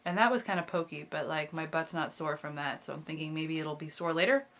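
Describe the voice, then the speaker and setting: A woman's voice: low voice, brisk, fairly bright tone. A woman in her twenties chatting casually in a video diary, rambling with lots of fillers and little laughs. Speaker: vlogger.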